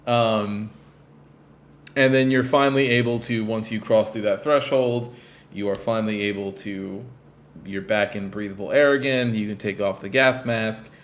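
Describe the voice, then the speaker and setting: A man co-hosting a podcast in loose, casual chat. His voice sits on the low side, and he rambles along with plenty of fillers and the occasional swear word. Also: fairly even intonation, moderate pace. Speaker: podcast co-host.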